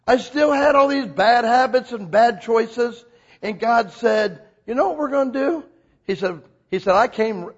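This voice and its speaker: Animated high-pitched male preacher. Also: slightly rough, dull audio. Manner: animated storytelling, acts out quotes with big pitch jumps. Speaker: pastor. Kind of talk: sermon.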